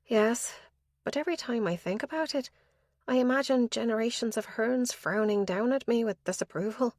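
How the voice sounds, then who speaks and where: A fragile young woman worn down by grief, tearful and hesitant, as a woman narrator puts her on. Her voice sits higher and softer than the narration. The recording is close and dry, like a studio audiobook. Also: moderate pace, no room sound, lightly acted. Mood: grieving.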